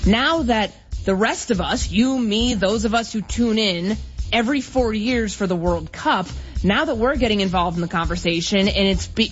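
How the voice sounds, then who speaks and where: A woman co-hosting a casual sports talk radio show, measured and thoughtful. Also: medium pitch. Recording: dull lo-fi broadcast audio.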